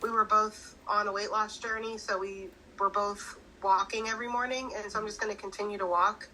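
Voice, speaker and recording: A woman's voice: mid-range voice, steady tone, fairly quick, pushed and bright, slight background noise, low-quality recording. A woman guest speaking hesitantly about her grief, with many fillers. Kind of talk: personal conversation.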